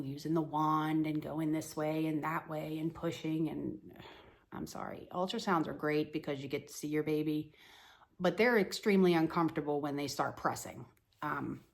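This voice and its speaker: Low, gravelly woman telling her story. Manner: conversational, many fillers like "you know"; plain, matter-of-fact retelling. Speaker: mother telling of a pregnancy loss. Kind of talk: personal storytelling to camera.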